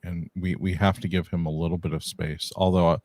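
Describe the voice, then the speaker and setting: A man's voice: sits low, little pitch movement, a little fast, darkish tone, no room sound. A man from California hosting a live stream, upbeat and rambling, laughing often. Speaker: podcast host. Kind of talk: casual live-stream chat.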